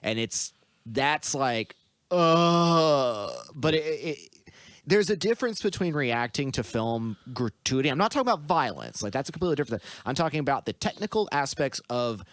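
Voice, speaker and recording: A young man co-hosting a casual movie review chat, animated and quick to act out reactions. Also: a little high, dry recording. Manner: animated, does reaction voices. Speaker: podcast co-host.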